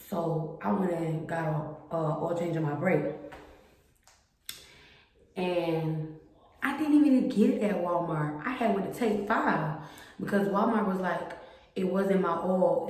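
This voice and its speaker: A young woman casually telling a storytime about her car, chatty and animated, acting out the people in her story. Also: fairly low pitch. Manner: chatty, animated retelling with quoted voices. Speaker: vlogger. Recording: very echoey room with faint noise.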